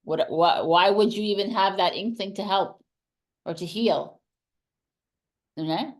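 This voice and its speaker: A woman's voice: mid-range voice, a little slow. A woman hosting a casual spiritual chat as a tarot reader, earnestly passing on intuitive messages with emphasis.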